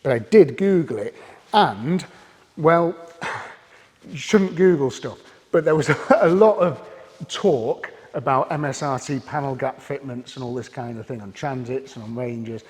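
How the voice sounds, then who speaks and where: A British man with a slightly husky voice gives a casual, candid car review. He talks in a chatty, unpolished way and restarts sentences mid-thought. His voice trails off into a long reverb. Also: mid-range voice, measured pace, darkish tone. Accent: British English. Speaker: car vlogger.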